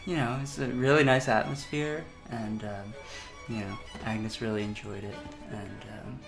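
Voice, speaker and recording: A man's voice: lowish voice, fairly even intonation, a little slow, vocal fry, over music. A man rambling in a mockumentary interview, filling his talk with "you know".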